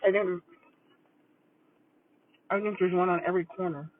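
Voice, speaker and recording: A woman's voice: fairly low pitch, steady tone, moderate pace, slight background noise. An older woman, a retired school principal chatting casually and rambling on a livestream while eating lunch. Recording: tinny phone-like dry audio.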